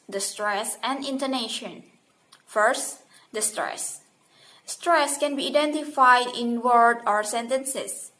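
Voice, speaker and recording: A woman's voice: high-pitched, low-quality recording. A woman student presenter explaining stress and intonation, reading carefully from a script. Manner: reads from a script, even and careful.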